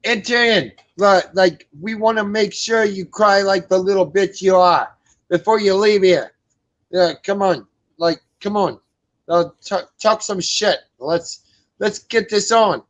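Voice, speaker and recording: A man's voice: high-pitched, unhurried. A man co-hosting a casual talk show, ranting in crude, profane language and repeating himself with many fillers. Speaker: co-host. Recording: dull lo-fi sound.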